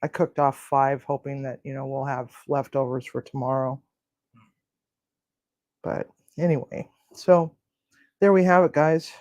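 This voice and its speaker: A woman's voice: a bass voice, fairly even intonation, unhurried, pauses often, a little mellow, no room sound. Chatty woman cooing at her pets. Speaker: home cooking show host. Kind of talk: casual cooking and pet chat.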